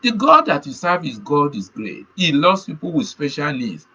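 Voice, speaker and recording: A man's voice: a little high, sing-song, moderate pace, bright, forceful tone, slightly rough, highs cut off. A man preaching a sermon, telling a personal testimony in an earnest way and repeating key phrases. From Nigeria.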